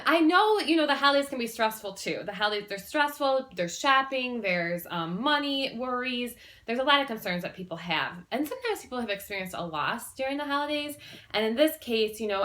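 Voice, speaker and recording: A woman talking casually to camera as a self-help vlogger, chatty and rambling with frequent ums and restarts, earnest as she shares personal stories. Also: mid-range voice. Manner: earnest and warm-hearted, sharing personal stories.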